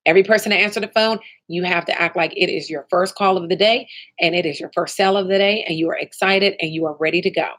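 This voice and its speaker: A woman's voice: fairly low pitch, fast, fairly bright tone. A woman running a live training session for sales agents, upbeat and motivational, often checking in with "okay?" and "right?".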